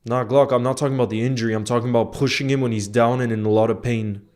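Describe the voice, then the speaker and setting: Watching a football match live with his audience, this streamer reacts with raw emotion and blunt opinions, frequently dropping "bro" and shifting between anger and gloomy musing. He speaks quickly in a mid-range, steady, darkish voice.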